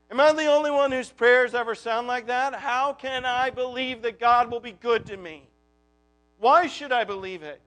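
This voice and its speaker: Very high-voiced male preacher. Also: a bit bright. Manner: conversational, full of rhetorical questions. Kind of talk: sermon. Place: church.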